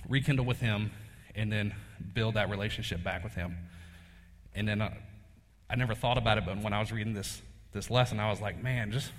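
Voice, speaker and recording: A man's voice: fairly low pitch, fairly bright tone. A man, preaching a casual sermon and telling a personal story in a folksy way, laughing often. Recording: long hall reverb.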